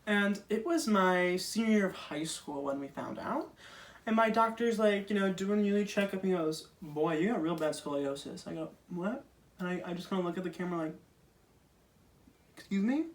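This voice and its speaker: A man's voice: high-pitched, steady tone, fairly quick, far from the mic. A young man performing a casual stand-up monologue, chatty and self-deprecating with lots of fillers. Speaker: stand-up comedian.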